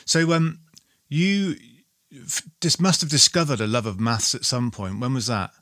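A man's voice: mid-range voice, steady tone, normal speed, a bit bright, no room sound, clean studio sound. A man hosting a podcast interview, chatting in an easygoing way with short replies and questions. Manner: easygoing, brief affirmations and questions. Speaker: podcast host. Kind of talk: casual interview chat.

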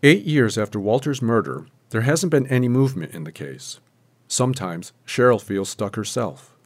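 A man reporting for radio, reading scripted news narration in a measured, even way. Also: mid-range voice.

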